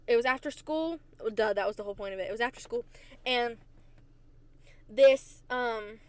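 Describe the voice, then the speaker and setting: A woman hosting a podcast, telling stories from her childhood in a chatty, animated way and repeating phrases for emphasis. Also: a little high, dry recording. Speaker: podcast host. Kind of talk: casual storytelling. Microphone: desk microphone.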